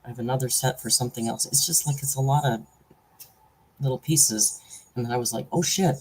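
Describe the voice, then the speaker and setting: A woman's voice: extremely low pitch, steady tone, brisk, slightly rough, low-quality recording. A woman hosting a casual live stream from home. She chats freely, laughs often and coos at her pet. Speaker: livestream host.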